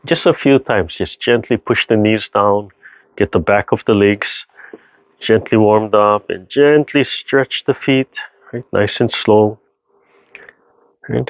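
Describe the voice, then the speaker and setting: A man teaching a seated tai chi and qigong class over a video call, giving slow, gentle instructions with sighing breaths. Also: lowish voice, dry recording, muffled recording. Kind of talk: guided seated exercise class.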